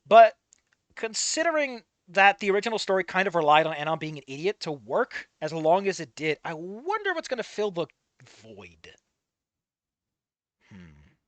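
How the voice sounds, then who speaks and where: At a normal pace and in a mid-range voice, a sarcastic, animated reviewer reads fanfiction aloud in a dry recording. He breaks off to add running commentary, swearing as he goes.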